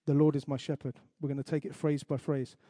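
A man preaching a sermon, earnest, reciting scripture slowly and emphatically, with light asides to the congregation. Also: on the high side, level tone, dark tone, dry recording, clean studio sound. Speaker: pastor.

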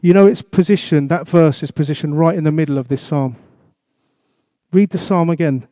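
A man's voice: on the high side, moderate pace, dark tone, no room sound, studio quality. A man preaching a sermon as pastor, asking the congregation questions and repeating his exhortations.

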